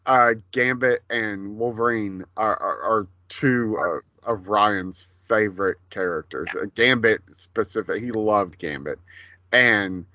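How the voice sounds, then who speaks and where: A man co-hosting a podcast, chatting casually and profanely about a movie, rambling and animated. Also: lowish voice, takes it slowly, no echo, dull audio. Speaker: podcast co-host.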